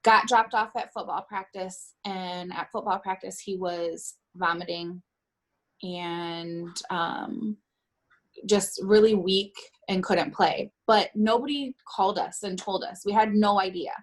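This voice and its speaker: A middle-aged woman being interviewed, recounting a painful personal account in a halting way and often stopping to correct herself. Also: medium pitch, steady tone. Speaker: interviewee, bereaved mother.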